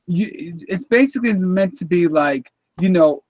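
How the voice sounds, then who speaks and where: A man's voice: high-pitched, expressive, a little slow, darkish tone, no room sound. A man in casual live chat, rambling and acting out both sides of an argument.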